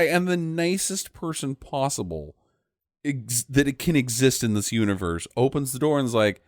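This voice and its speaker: A man's voice: medium pitch, measured pace, no echo, clean studio sound. A man in casual podcast chat who recaps a film sarcastically, swears freely, and acts out the characters' lines with exaggerated voices. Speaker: podcast co-host.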